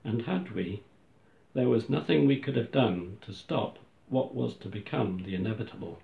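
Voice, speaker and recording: Gravelly man reading a solemn reflection. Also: medium pitch, moderate pace. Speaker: church reader. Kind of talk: scripted first-person reflection reading. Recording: echoey, dull lo-fi room recording.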